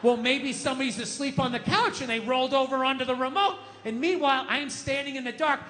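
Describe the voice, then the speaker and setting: A man's voice: very high voice, normal speed, bright, forceful tone, slight background noise. A man doing a profane, exasperated stand-up routine on an open-air stage at a large venue. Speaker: stand-up comedian. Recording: echoey live venue sound.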